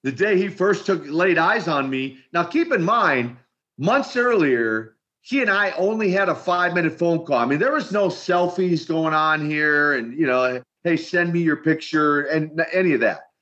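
An older man from Minneapolis, an animated storyteller who often repeats words as he starts his sentences in an interview. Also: on the high side, moderate pace. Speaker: retired wrestler guest. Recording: dull lo-fi sound.

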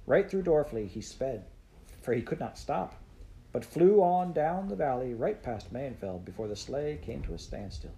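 A man reading a children's story aloud in a measured, even storytelling manner. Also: lowish voice, slight background noise. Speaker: narrator. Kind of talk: audiobook narration.

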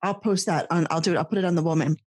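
A woman in her thirties co-hosting a podcast, telling a story in a chatty, animated way in casual conversation. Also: lowish voice, rapid-fire, slightly rough, no echo. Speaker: podcast co-host. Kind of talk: casual chat.

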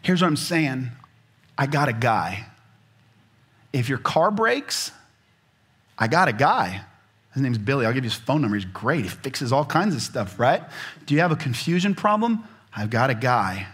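Animated conversational preacher, man. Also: medium pitch, normal speed, slightly rough. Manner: conversational and animated, swings from loud excited asides to soft near-whispers. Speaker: pastor. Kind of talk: sermon.

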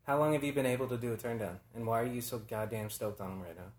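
A man's voice: mid-range voice, fast. Chill guy ribbing his buddy, cusses a lot, echoey sound. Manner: laid-back, teasing, swears casually. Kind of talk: casual chat. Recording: roomy echo.

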